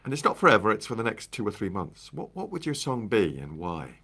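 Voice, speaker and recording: Friendly low-voiced man hosting a podcast. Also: sing-song, a little fast, sharp tone, husky. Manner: friendly, chatty. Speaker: podcast host. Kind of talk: podcast interview and outro.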